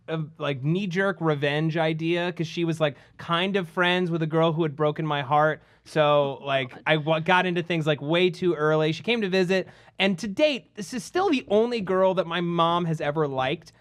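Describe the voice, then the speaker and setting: A man's voice: on the high side, a bit bright, no echo. A young man co-hosting a podcast, telling rambling, self-mocking stories in casual chat. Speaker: podcast co-host.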